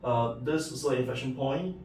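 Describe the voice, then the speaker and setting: A man's voice: mid-range voice, moderate pace, darkish tone, slight background noise. Man lecturing math in an echoey room. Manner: explains step by step with many "right?" and "okay". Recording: echoey room, mic at a distance.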